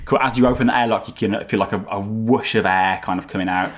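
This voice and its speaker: A man's voice: lowish voice, fairly even intonation, fast. A man running a tabletop game as game master, describing scenes in a loose, rambling way with many fillers.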